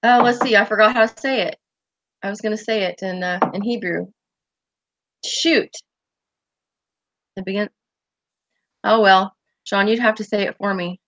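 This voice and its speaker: A woman hosts a relaxed livestream chat and reads out viewer comments as she goes. Her voice sits in a middle pitch and comes through close and dry, with no room sound. She talks loosely, with plenty of "um"s and restarts. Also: moderate pace, long pauses, dry recording, dull audio. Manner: chatty and rambling, with frequent fillers and restarts. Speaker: host of a pipe-smoking chat stream.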